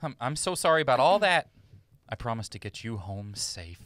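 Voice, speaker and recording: A man's voice: medium pitch, very animated, normal speed, a bit bright, no room sound, pitched below the performer's own voice. A man reading the part of an awkward, smitten young male driver in a comedic script read-through, stammering often. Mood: apologetic.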